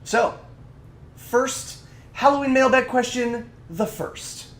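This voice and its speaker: A man co-hosting a podcast in casual chat, ranting with animated energy. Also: extremely high pitch, slow pace. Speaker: podcast co-host.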